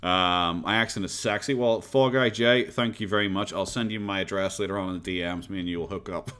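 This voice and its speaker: A man's voice: low-pitched, fairly bright tone, clear, resonant tone. A young man from Northern Ireland, a live streamer chatting casually with viewers in a rambling, blunt, profane way with frequent chuckles.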